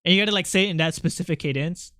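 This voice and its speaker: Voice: mid-range voice, rapid-fire, fairly bright tone, dry recording, studio quality. A streamer chatting casually with the audience while drawing, talking in a rambling, self-interrupting way and swearing freely. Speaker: streamer and artist.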